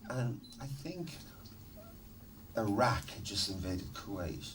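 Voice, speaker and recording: A middle-aged man, a musician guest in an interview, telling stories in a lively, laughing, swearing manner. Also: fairly low pitch, takes it slowly. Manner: animated, swearing, laughing storyteller. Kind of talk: casual storytelling interview. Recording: distant mic with noticeable background noise.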